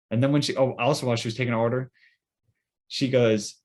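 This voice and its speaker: Male podcast co-host, casual, animated, rambling anecdote with frequent fillers. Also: medium pitch, fast talker. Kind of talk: casual storytelling.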